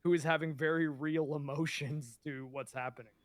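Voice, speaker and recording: A man's voice: on the high side, fairly even intonation, normal speed, dry recording. A man chatting casually about a TV episode, restarting sentences and laughing as he talks. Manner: chatty, hesitant restarts, laughs while talking.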